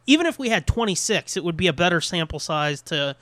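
A man co-hosting a podcast, chatting casually with lots of swearing and quick voice impressions. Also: high-pitched, no room sound. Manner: animated, swears a lot, mimics voices. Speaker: podcast co-host. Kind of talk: casual profane chat.

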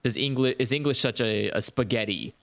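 A man's voice: mid-range voice, a little fast, creaky, fairly bright tone. A man in casual podcast chat, curious and wondering aloud with questions.

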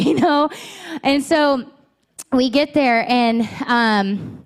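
A woman's voice: high-pitched, drawn-out words. A woman in her thirties preaching a sermon in a church, talking candidly and conversationally. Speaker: pastor. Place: church auditorium.

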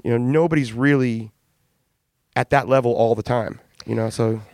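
A man, a band's frontman, telling candid, animated studio stories in a casual interview, with swearing and laughs. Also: mid-range voice, moderate pace, no echo. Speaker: band frontman and singer.

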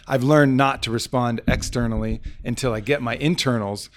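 A man's voice: medium pitch, steady tone, normal speed. A man in casual podcast conversation, talking reflectively with many fillers and restarts.

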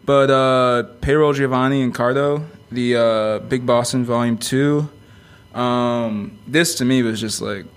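A man's voice: mid-range voice, steady tone, unhurried, clear, resonant tone. A young man with a mid-range voice, talking up albums in a casual co-hosted chat. He gets eager and keeps reaching for "like" as he hunts for words. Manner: enthusiastic, filler-heavy, lots of "like". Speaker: co-host. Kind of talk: casual music review chat.

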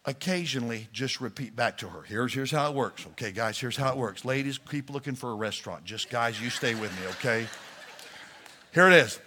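Forceful, playful male pastor. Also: mid-range voice, a little fast. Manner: playful, coaching, addresses congregation directly. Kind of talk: sermon.

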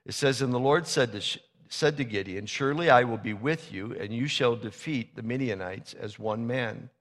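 A man preaches a sermon in a reverberant hall, retelling a Bible story in a casual, conversational style and acting out the characters' dialogue. His voice is medium-pitched and fairly bright, and he speaks at a moderate pace.

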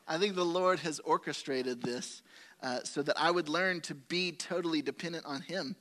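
A male pastor preaching a sermon, telling a personal story with animated quoted asides and humor. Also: a little high, moderate pace.

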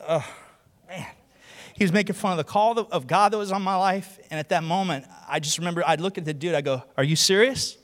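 High-voiced man preaching in a hall. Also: fast talker. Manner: animated storytelling, acting out other voices. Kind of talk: sermon. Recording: long hall reverb.

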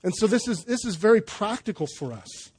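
A man's voice: high-pitched, animated, brisk, darkish tone, breathy edge. A man preaching a sermon at a church service in a loose, conversational way, with jokes and restarts. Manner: conversational, joking, with fillers and restarts. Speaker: pastor.

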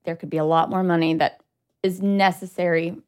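A woman's voice: lowish voice, steady tone, fairly quick, darkish tone. A woman co-hosting a podcast in casual chat, joking and bantering playfully into a studio microphone. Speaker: podcast co-host.

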